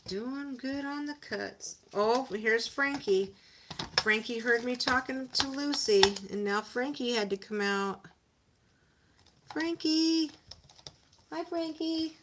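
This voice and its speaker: Chatty woman streamer, unhurried delivery, talks viewers through her papercraft at home. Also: fairly high pitch, a bit bright, slight background noise. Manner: chatty, narrates her crafting and greets viewers. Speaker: livestream host. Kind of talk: casual livestream chat while crafting.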